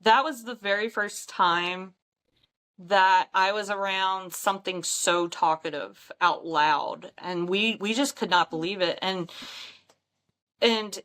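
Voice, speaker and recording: A woman's voice: mid-range voice, slow, fairly bright tone. A woman, a paranormal investigator, telling stories in a casual chat with frequent ums and light laughs.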